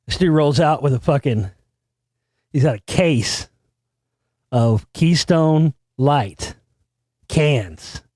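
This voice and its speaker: A man's voice: lively intonation, slow, pauses often, dry recording, clean studio sound. A man hosting a show, telling a crude, boastful party story full of swearing and acting out the people in it. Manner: crude, swaggering, heavy swearing; acts out quotes with sudden loud high outbursts. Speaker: show host. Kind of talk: profane storytelling monologue.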